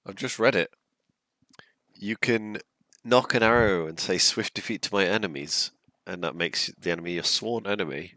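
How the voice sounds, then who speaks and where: A man playing a tabletop game talks through his spells and rolls and checks the rules aloud. His voice sits very low yet sounds bright, and the recording is dry and close. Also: normal speed, no room sound. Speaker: player. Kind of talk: casual chat during a tabletop game.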